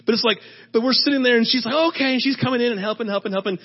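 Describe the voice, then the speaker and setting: A man's voice: very high voice, very fast. A middle-aged male pastor giving a chatty sermon, telling stories and often asking "right?". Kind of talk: conversational sermon. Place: church service. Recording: dull lo-fi sermon audio.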